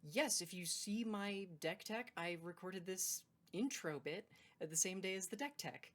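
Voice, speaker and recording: A woman's voice: medium pitch, lively intonation, unhurried, fairly bright tone. A woman hosting a card game video, talking in a loose, rambling way and correcting herself mid-sentence. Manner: rambling, self-correcting, laughs between points. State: hiccuping. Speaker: card game video host and tournament judge. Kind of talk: casual unscripted video intro.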